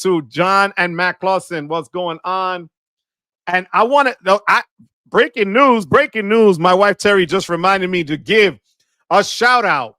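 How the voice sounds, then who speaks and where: An energetic man hosting a live stream, tossing out shout-outs in quick slang with Spanish sprinkled in. His voice sits high and sounds bright and forceful. The sound is dry and close, with no room around it. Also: dry recording. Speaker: livestream host. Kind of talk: casual live chat greeting viewers.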